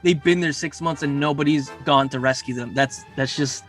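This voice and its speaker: A man's voice: a little high, moderate pace, music in the background. A man hosting a casual podcast, easygoing and emphatic, with many filler words. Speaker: podcast host.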